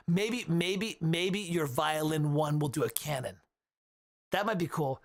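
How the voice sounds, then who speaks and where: A man hosting a casual livestream, giving animated feedback on music and often humming the melodies aloud. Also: on the high side, a little slow, gravelly. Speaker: livestream host reviewing music compositions.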